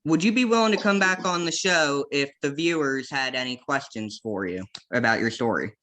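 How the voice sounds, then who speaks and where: Bright, upbeat man hosting a channel. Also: medium pitch, moderate pace. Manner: upbeat, direct host patter. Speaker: interview host. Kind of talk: interview and channel outro.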